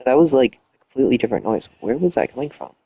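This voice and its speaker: A man's voice: mid-range voice, sing-song, racing, dark tone, husky, dry recording. A young man playing a game late at night while lying down, muttering and swearing in frustration with half-whispered outbursts. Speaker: gaming streamer. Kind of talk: casual late-night gameplay commentary.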